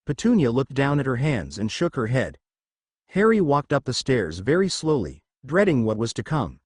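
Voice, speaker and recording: Male narrator for an audio story. Expressive, animated, dry recording. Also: medium pitch, normal speed, no echo.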